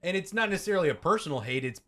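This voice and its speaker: A man's voice: sits high, lively intonation, racing, bright, forceful tone. Blunt, crude-joking man co-hosting. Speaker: podcast co-host. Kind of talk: casual true-crime chat.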